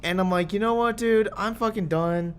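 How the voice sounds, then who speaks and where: A man's voice: high-pitched, normal speed, a bit bright, clean tone. A man co-hosting a podcast, ranting in a heated, profane way. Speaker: podcast co-host. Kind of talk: casual chat.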